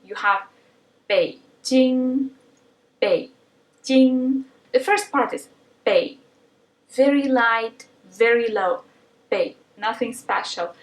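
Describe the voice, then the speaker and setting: A woman's voice: on the high side, unhurried, fairly bright tone. A woman language teacher patiently explaining pronunciation rules, sometimes adding fillers as she goes. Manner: patient and instructive, with occasional fillers. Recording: roomy sound from a distance.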